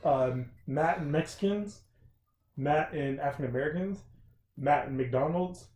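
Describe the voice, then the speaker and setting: A man's voice: on the high side, measured pace, darkish tone, a little hiss or hum. A man co-hosting a podcast in casual chat, teasing and jokey, often laughing. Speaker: podcast co-host. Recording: echoey room.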